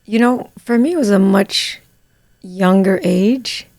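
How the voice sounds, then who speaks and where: A woman host from Morocco, telling a personal story in a relaxed, unhurried way with fillers. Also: medium pitch, dry recording. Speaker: podcast host. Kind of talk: casual conversation.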